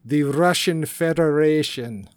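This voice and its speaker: A man co-hosting a casual comedy podcast, delivering deadpan jokes and dry one-liners. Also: on the high side, slow pace, clean tone. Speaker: podcast co-host.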